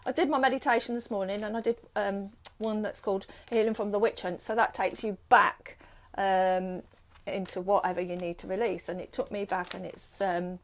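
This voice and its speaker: Steady and medium-pitched, a middle-aged British woman talks at normal speed. She hosts a live stream as a card reader, keeping the chat casual and rambling through rhetorical questions.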